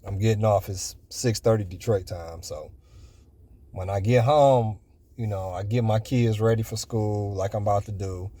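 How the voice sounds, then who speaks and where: A man's voice: lowish voice, warm tone. A man in his forties telling everyday stories in a casual, rambling way, packed with "you know" fillers. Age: 40s. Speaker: vlogger. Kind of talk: casual storytelling.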